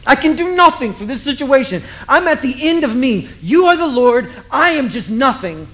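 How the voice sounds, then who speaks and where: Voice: sits high, sing-song, moderate pace, fairly bright tone, voice pushed up, low-quality recording. A preacher acting out a desperate official who pleads with Jesus to come heal his dying son, sounding earnest and pushy.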